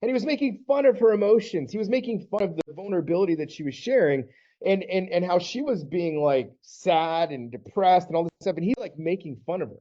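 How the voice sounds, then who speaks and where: Mellow earnest man coaching on camera. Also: high voice, lively intonation, a little fast. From Southern United States. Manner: earnest, conversational, acts out little quoted exchanges. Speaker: men's divorce coach. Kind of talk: direct-to-camera coaching talk. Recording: slightly dull lo-fi audio.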